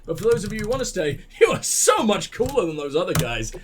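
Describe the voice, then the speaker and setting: Foul-mouthed gushing gaming host. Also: male voice, high-pitched, sing-song, fast talker, music in the background. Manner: profane, gushing, rambling. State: tired after a late night. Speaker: let's play host. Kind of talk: video game commentary.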